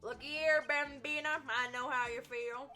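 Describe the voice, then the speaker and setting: A woman's voice: high voice, fairly even intonation, pushed and bright, faint music behind. A woman doing a drawling cowboy lawman. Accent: put-on cowboy drawl. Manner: slow, drawling, folksy. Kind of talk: reading game dialogue aloud.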